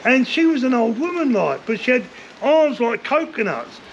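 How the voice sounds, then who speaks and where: An older man, telling rough stories from his past in a rambling interview, swearing often and filling gaps with "like, you know.". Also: very high voice, sing-song, moderate pace. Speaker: interview guest, former bare-knuckle fighter. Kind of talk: casual storytelling interview. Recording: dull lo-fi sound with faint noise.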